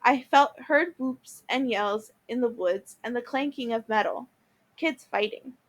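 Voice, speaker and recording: A woman's voice: fairly high pitch, measured pace. Woman reading a story aloud. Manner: reads with small restarts and repeats. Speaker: teacher reading a novel aloud.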